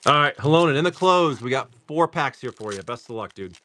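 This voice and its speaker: A man's voice: medium pitch, expressive, a little fast, a bit bright. A man hosting a live card-pack opening stream, chatting casually with viewers and swearing freely. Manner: loose and talkative, swears casually, talks to chat.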